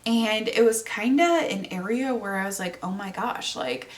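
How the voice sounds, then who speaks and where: A woman's voice: medium pitch, normal speed, far from the mic. A woman in her twenties hosting her own podcast, chatting casually and bubbly with plenty of fillers. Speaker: podcast host. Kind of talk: casual solo podcast chat.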